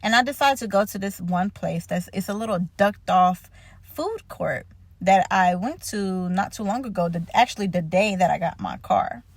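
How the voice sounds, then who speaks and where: A young woman telling a story in a casual faith vlog, chatty and animated, laughing and full of fillers. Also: mid-range voice, normal speed, breathy edge, no echo. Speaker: faith vlogger.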